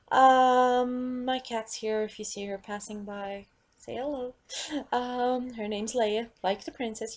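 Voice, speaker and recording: A woman's voice: fairly high pitch, fairly even intonation, slow pace. A woman vlogger at home, ranting in an exasperated, emphatic way and swearing freely.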